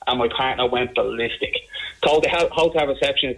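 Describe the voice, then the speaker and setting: A man with an Irish accent rattles through a story on a phone-in, fast and animated, repeating himself as he builds it up. He comes through a thin telephone line. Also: medium pitch. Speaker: caller.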